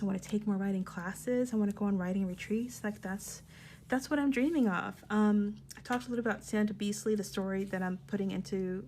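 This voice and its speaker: Forties woman flipping thru her planner, rambly chatty vibe, kinda fry-ish voice. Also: medium pitch, a little mellow, a little hiss or hum. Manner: chatty and rambling, many fillers and asides. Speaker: romance author and vlogger. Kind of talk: casual journal flip-through chat.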